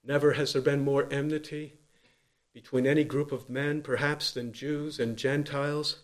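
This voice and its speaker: A man preaching a sermon in an earnest voice, swinging from loud emphatic lines to quiet low ones. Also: flat delivery, normal speed.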